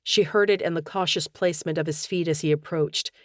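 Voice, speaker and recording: A woman narrating an audiobook in a steady, measured way. Her voice sits on the low side. The recording is close and dry. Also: no echo. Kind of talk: scripted narration.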